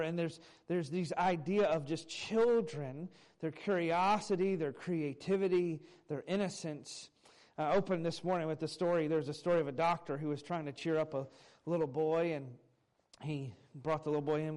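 A man's voice: on the high side, darkish tone. A man preaching a sermon from a church pulpit, conversational and folksy, telling stories to the congregation. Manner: conversational, folksy storytelling with fillers. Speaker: pastor. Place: church sanctuary.

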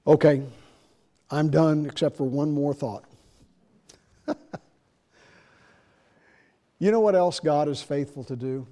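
A middle-aged man preaching a sermon as pastor, moving between quiet, confiding storytelling and loud, raised emphasis. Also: takes it slowly, pauses often. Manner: shifts from soft confiding asides to loud, high-pitched emphasis.

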